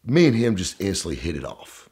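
A man's voice: low voice, very animated, fairly quick, a little mellow, husky. A man telling a story casually, drawling and full of "you know" fillers. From American South. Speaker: storyteller guest.

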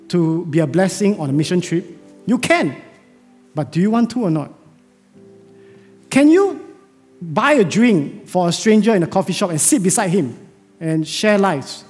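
Male pastor, high voice, earnest sermon in a reverberant church with soft music under it. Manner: earnest, emphatic rhetorical questions. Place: church sanctuary.

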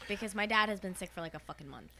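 A woman's voice: medium pitch, racing, creaky, sharp tone, slight background noise. A woman in casual banter, emphatic and indignant, dropping the odd swear word. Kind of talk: casual chat.

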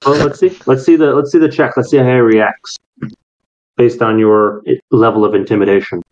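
A man narrates a tabletop game as game master, setting scenes and asking players for checks. He talks in a relaxed, matter-of-fact way at a medium pitch. The recording sounds slightly dull and muffled. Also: moderate pace.

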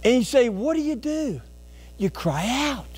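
Pastor guy with a really high voice, folksy animated sermon, mains hum underneath. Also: measured pace, husky. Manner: folksy, animated preaching with rhetorical questions to the congregation. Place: church sanctuary.

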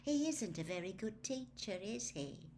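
Woman reading as a dreamy teenage witch girl, soft, calm, slow and unbothered. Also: mid-range voice, pitched above the performer's own voice. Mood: matter-of-fact.

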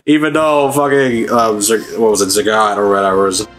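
A man's voice: fairly low pitch, steady tone, normal speed, fairly bright tone, low-quality recording. A man hosting a let's play, rambling, laughing and swearing freely as he comments. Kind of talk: casual gaming commentary.

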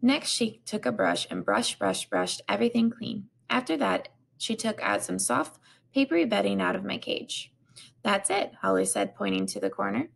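A woman's voice: mid-range voice, moderate pace, vocal fry. A woman reading a children's chapter book aloud, stumbling and restarting now and then. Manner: unpolished reading with restarts and repeated words.

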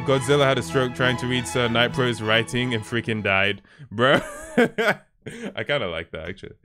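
A man's voice: medium pitch, lively intonation, moderate pace. A man livestreaming who chats casually with his viewers, laid-back and often chuckling as he reacts to their posts. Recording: stream with faint background music.

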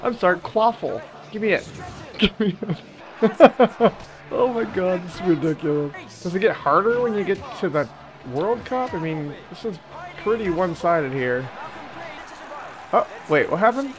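A man's voice: sits high, expressive, unhurried. A young man giving casual, joking commentary as he plays a video game, chatty and self-mocking. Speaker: gaming channel host. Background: game music.

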